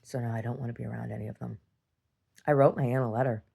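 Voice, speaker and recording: A woman recording a personal video diary, telling a story in a rambling way and rising in pitch as she relives a fight. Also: steady tone, fast, gravelly, mellow, husky. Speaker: video diarist.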